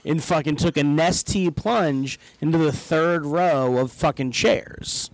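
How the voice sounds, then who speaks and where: A man's voice: fairly high pitch, takes it slowly, poor audio. A man telling a long, profane wrestling anecdote on a casual podcast and acting out the quotes. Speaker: guest telling a wrestling story.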